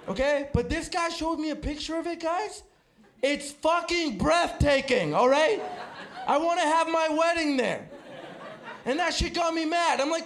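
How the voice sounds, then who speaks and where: A man from El Salvador doing a stand-up comedy set, brash and punchy, shouting his punchlines to the crowd. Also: extremely high pitch, measured pace. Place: comedy club stage with live audience.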